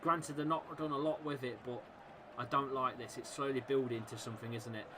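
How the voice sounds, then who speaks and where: A man hosting a live fan watchalong, commentating on the match and shouting encouragement at his team. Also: mid-range voice, steady tone, brisk, noisy background. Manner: chatty, reacting and laughing at misses. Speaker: football fan watchalong host.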